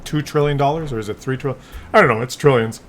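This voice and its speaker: A man's voice: medium pitch, quick pace, slight background noise. An older man talking in a loose, rambling monologue, often restarting words and acting out little scenes. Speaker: vlogger.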